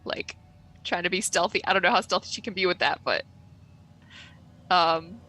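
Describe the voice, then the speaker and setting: A woman's voice: on the low side, moderate pace, sharp tone, rough recording. A woman playing a tabletop game, describing her character's actions hesitantly. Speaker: player. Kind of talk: tabletop role-play chat.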